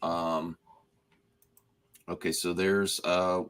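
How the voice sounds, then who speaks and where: Man with a bright, lively chat voice. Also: on the low side, moderate pace. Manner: animated, restarts sentences often. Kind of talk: casual spoiler chat.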